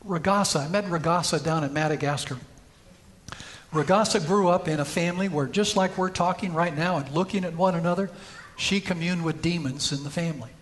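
High-voiced man preaching a sermon. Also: fairly quick, a bit bright. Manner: storytelling preacher, rising to emphatic peaks. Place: church sanctuary.

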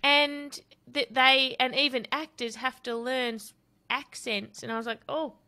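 A woman's voice: high-pitched, fairly even intonation, unhurried, bright, forceful tone. A woman hosting a podcast, chatting casually and laughing at herself. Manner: chatty, self-deprecating, laughs often. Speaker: podcast host. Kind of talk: casual interview chat.

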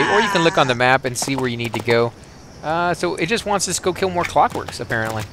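A man's voice: medium pitch, fairly quick, very noisy. Man hosting a game walkthrough. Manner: relaxed, explanatory, filler-heavy. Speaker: host.

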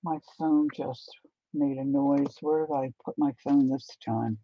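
A woman hosting a casual live chat with her viewers, talking them through things as she unpacks and sometimes dropping to a soft whisper. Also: a bass voice, fairly even intonation, a little slow, slightly rough, no room sound, dull audio. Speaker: livestream host.

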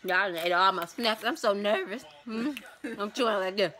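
A young woman vlogging casually while watching a game with a friend, reacting loudly and laughing often. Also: medium pitch, normal speed.

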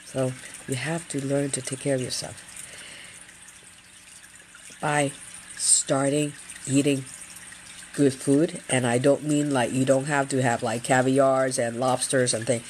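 A woman's voice: a bass voice, flat delivery, takes it slowly, long pauses, darkish tone, a little hiss or hum. Earnest chatty woman hosting a livestream. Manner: earnest, chatty, repeats phrases. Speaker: feng shui livestream host. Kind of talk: casual livestream talk.

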